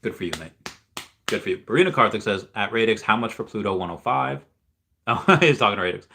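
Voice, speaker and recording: A young man hosts a relaxed livestream, rambling cheerfully and answering viewer comments as they come in. His voice sits low but sounds bright and forward. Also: a little fast, gravelly, a little hiss or hum. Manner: rambling, upbeat, reads viewer comments aloud. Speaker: livestream host reading chat. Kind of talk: casual livestream chat.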